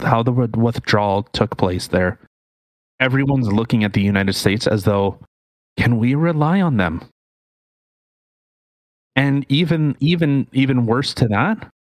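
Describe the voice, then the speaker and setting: A man's voice: medium pitch, no echo. A man co-hosting a casual podcast, explaining news articles in an opinionated way. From Canada. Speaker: podcast co-host.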